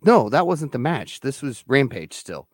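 A man's voice: medium pitch, very animated, a little slow. A man co-hosting a podcast, recapping wrestling shows in a laid-back, casual way and laughing easily. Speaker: podcast co-host.

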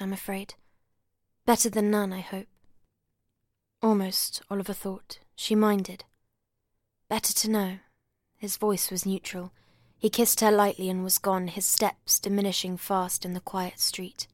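A woman reading a novel aloud in a measured, soft, even narration. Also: medium pitch, dry recording, clean studio sound. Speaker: audiobook reader.

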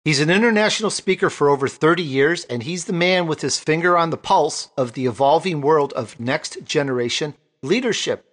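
A man's voice: fairly high pitch, lively intonation, a little fast, hardly any pauses, a bit bright. A man hosting a talk show, introducing guests with enthusiasm. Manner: enthusiastic, exclaiming. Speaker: host. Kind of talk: upbeat podcast hosting.

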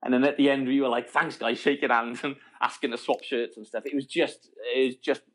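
A middle-aged man, telling a story as an interview guest, lively and laughing, often restarting his sentences. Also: medium pitch, fairly quick. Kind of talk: casual storytelling.

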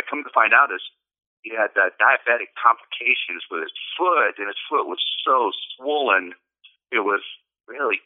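Man telling a story over a tinny phone line. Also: fairly low pitch. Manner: rambling, full of fillers and restarts. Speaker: caller sharing a testimony. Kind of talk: casual storytelling on a call-in show.

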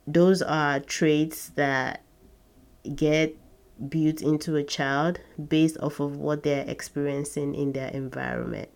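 Podcast host lady, low voice, talks real slow, earnest storytelling w little laughs. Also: steady tone, vocal fry, a little mellow. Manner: earnest, reflective, with short laughs. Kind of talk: personal storytelling to listeners.

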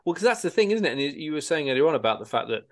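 A man's voice: a little high, very animated, very fast. A man co-hosting a podcast in casual chat, rambling and searching for his words as he talks. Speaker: podcast co-host.

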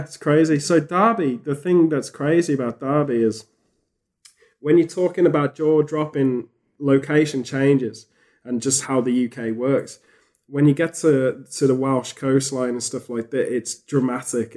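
A man chatting on a podcast, rambling and animated, with frequent restarts. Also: mid-range voice. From England. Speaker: podcast host. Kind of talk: casual podcast chat.

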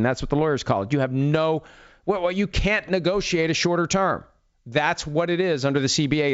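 A man's voice: mid-range voice, highs cut off. A man hosting a sports talk show in a casual, rambling monologue while fighting a head cold and a runny nose. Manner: chatty, rambling, self-deprecating asides. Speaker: sports radio host.

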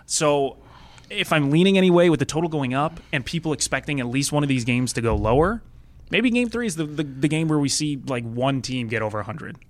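A man's voice: on the high side, lively intonation, fairly quick. A man hosting a podcast, chatting casually about game picks and thinking aloud with frequent restarts. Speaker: podcast host. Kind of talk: casual sports betting chat.

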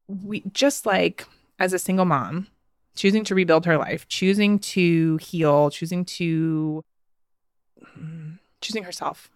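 A woman from the United States in her thirties, a podcast host, shares a personal story in a chatty, casual manner, laughing and using fillers often. Her voice sits on the low side, captured in a dry, clean studio recording.

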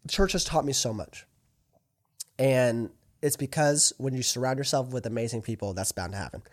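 A man hosting a faith podcast, talking directly and earnestly to listeners and acting out both sides of imagined conversations. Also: medium pitch. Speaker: podcast host. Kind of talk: preachy podcast monologue.

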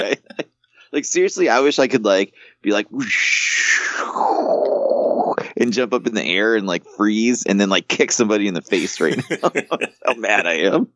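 A man's voice: on the low side, fairly bright tone, no echo. A man hosting a casual movie-review podcast who jokes around and rants with plenty of swearing. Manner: profane, joking rants. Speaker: podcast host.

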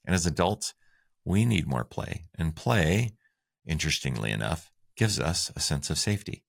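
A man's voice: a bass voice, big pitch swings, moderate pace, vocal fry. A man co-hosting a relationship advice talk show, upbeat and conversational as he shares tips. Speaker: co-host.

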